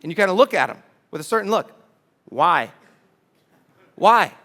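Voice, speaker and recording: A man's voice: high voice, animated, racing, a bit bright. A middle-aged man preaching a sermon in church, talking conversationally and asking the audience rhetorical questions. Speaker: pastor.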